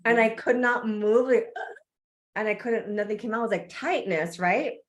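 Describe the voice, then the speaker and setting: A woman podcast guest and coach telling a candid personal story in an animated way, laughing often and acting out her reactions. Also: fairly high pitch, moderate pace.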